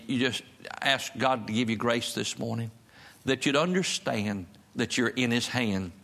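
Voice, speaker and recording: A man's voice: medium pitch, gravelly, fairly bright tone. A man preaching a sermon in a church service, emphatic and repeating his key phrases. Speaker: pastor.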